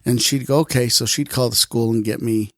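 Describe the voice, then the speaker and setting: Animated storytelling man, dry close sound. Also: mid-range voice, fairly quick, no room sound. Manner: animated, swears freely, acts out quoted lines. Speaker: retired police officer, podcast guest. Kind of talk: casual storytelling.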